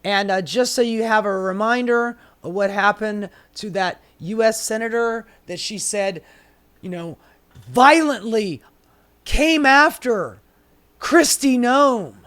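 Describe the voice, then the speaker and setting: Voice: mid-range voice, takes it slowly, a bit bright. A political commentator ranting sarcastically and profanely, with exasperated rhetorical questions.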